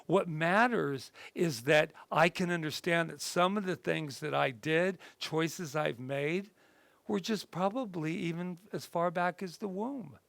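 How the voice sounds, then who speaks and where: A man, a reverend, teaching a spiritual class in a relaxed, conversational way, often rambling and acting out little voices from his stories. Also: on the high side, measured pace, vocal fry, dry recording. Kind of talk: casual spoken talk.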